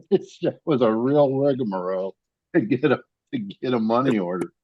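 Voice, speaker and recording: Husky man on a dry muffled call. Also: mid-range voice, lively intonation, moderate pace. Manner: chatty, laughs easily. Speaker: meeting participant. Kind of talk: casual video call chat. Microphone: video call.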